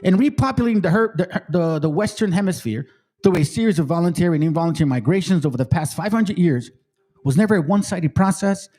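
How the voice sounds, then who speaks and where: A man's voice: sits high, warm tone. A man hosting his channel, reading a book aloud and breaking off into blunt, profane commentary. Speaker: channel host.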